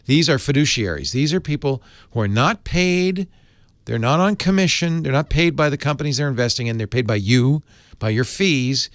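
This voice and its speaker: A man's voice: mid-range voice, dry recording. A middle-aged man hosting a tech talk show, reading an ad in a chatty way with personal asides. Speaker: podcast host reading an ad. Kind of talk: conversational live ad read.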